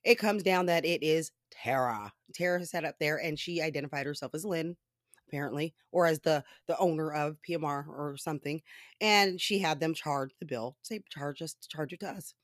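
A woman telling a story in casual commentary style, animated and often laughing, with profane asides. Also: low-pitched, moderate pace, no echo, studio quality.

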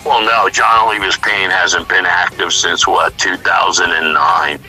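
A middle-aged male musician talking casually in an interview, animated and blunt, acting out what others said. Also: low-pitched, measured pace, over music, rough recording. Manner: animated storyteller, acts out quotes, swears freely. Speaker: musician guest.

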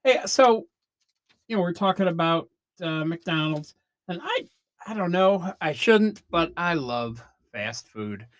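A man's voice: a little high, expressive, slow pace, fairly bright tone, no room sound. A man in his fifties hosts a podcast, rambling through stories in an offhand, chatty way and dropping mild curses as he goes. The recording is close and dry, with no room sound around his voice. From Northern Illinois, USA. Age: 50s. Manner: chatty, meandering, swears casually. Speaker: podcast host. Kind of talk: casual rambling monologue.

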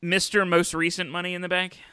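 A man's voice: high voice, completely flat delivery, fairly quick, pushed and bright, smooth, no echo. A man hosting a casual wrestling podcast, chatty, with many fillers and restarts. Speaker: podcast host.

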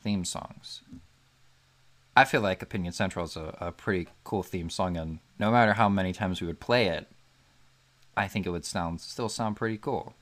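A man with a lower voice, hosting a podcast as a loose, casual chat. He often mumbles and lets his lines trail off softly. He records from his bedroom at home. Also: moderate pace. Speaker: podcast host.

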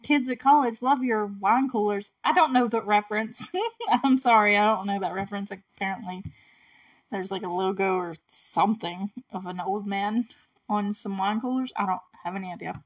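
A woman's voice: medium pitch, fairly even intonation, moderate pace. Casual woman host with a mid-range voice, chatting through a movie recap with easy laughs. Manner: chatty, peppered with "like" and small laughs; often clears her throat.

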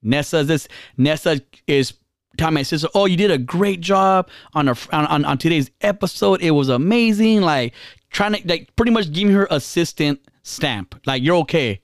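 A man hosting a casual podcast, telling a bar story in an animated way. His pitch leaps up whenever he acts out what other people said. The sound is close and dry, with no room echo. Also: moderate pace. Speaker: podcast host.

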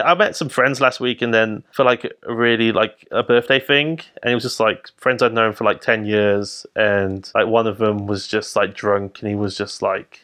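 A man's voice: lowish voice, bright, forceful tone. Rambling man telling stories. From Birmingham, England. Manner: rambling, filler-heavy, profane storytelling. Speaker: guest cartoonist. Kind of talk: casual podcast chat.

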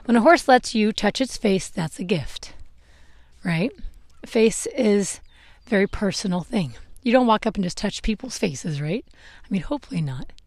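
A woman's voice: medium pitch, expressive, moderate pace, darkish tone, no room sound, studio quality. A young adult woman chatting casually while grooming her horse, rambling a little and laughing at her own slips. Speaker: horse owner and vlogger. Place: outdoors with a horse. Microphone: clip-on microphone.

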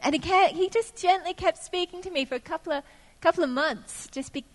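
A woman preacher delivers a sermon in a high voice. She tells personal stories and acts out what she once said. Her voice carries a long reverb from a large church hall. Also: fast talker, fairly bright tone. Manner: storytelling with acted-out quotes of her younger self.

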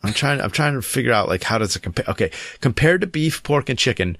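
A man co-hosting a casual podcast chat, reading an article aloud in a halting, squeamish way with many restarts. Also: medium pitch, animated, fairly bright tone, no echo. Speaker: podcast co-host.

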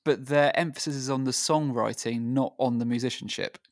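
A man co-hosting a casual music podcast, speaking in a thoughtful, measured way with some hedging fillers. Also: medium pitch, fairly even intonation, no echo, studio quality. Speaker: podcast co-host.

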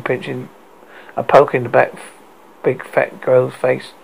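Male storyteller, gravelly, stumbling read. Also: medium pitch, steady tone, normal speed, poor audio. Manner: stumbling, frequent restarts. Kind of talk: reading a story aloud.

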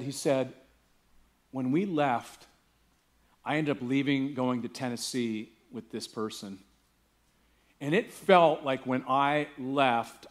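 A male pastor preaching a sermon, telling a story casually and building to emphatic preaching. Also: medium pitch. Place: church.

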